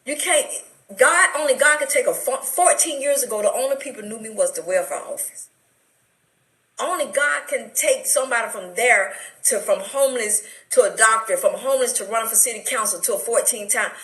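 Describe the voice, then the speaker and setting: A woman's voice: a little high, a little fast, fairly bright tone, roomy sound, poor audio. A middle-aged woman with an Atlanta accent, telling her life story with emotional, preacherly fervor as a talk show guest. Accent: Atlanta, Southern US. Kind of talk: testimony in a radio talk show interview.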